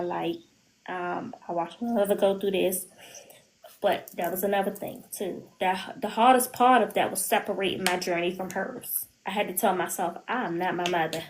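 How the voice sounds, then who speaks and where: A woman's voice: on the low side, moderate pace, low-quality recording. A woman speaking candidly on a podcast, telling an emotional personal story and often quoting her own words. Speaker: guest. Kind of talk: podcast interview.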